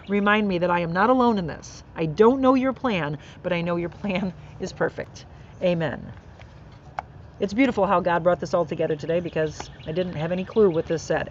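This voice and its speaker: Outdoors, with birds and faint background noise, a woman hosts a live inspirational podcast, speaking earnestly and encouragingly about faith and kindness. Her voice is medium-pitched, with the high frequencies cut off.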